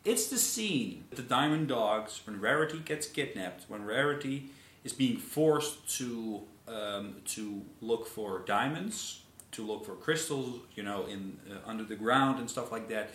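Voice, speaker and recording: A man with a fairly low, expressive, slightly bright voice hosts a casual commentary video at an unhurried pace. He rambles, repeats words, and apologizes often, and the room sounds echoey.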